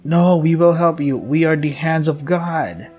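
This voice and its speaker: A man's voice: a little high, darkish tone, breathy edge, soft background music. A man voicing the solemn hands of God. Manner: slow, solemn pronouncements. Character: chorus of divine disembodied hands, cold and judging.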